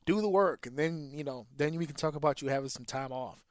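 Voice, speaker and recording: A man on a podcast talks in a blunt, animated way and swears freely as he vents about teaching. His voice sits a little high for a man. The recording is dry and close, with no room sound. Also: a little fast, no echo. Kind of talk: casual profane podcast chat.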